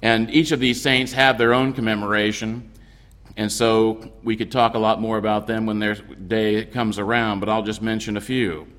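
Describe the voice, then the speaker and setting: A man's voice: on the low side, level tone, fairly bright tone. Man preaching in a reverberant church. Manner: measured, explanatory preaching with occasional restarts. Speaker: priest. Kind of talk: sermon.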